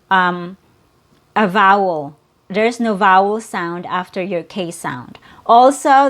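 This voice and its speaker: Slow, careful woman teaching pronunciation. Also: mid-range voice. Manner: slow, careful, repeats words for drilling. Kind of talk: pronunciation lesson.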